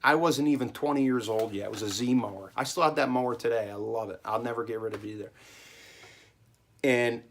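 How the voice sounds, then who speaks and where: Speaking directly to the camera from his cellar, a small business owner with a gravelly, mid-pitched voice shares lessons learned the hard way in a casual vlog monologue. He rambles, repeats himself, hammers points with emphasis, and keeps asking "okay?" A slight hiss or hum is audible.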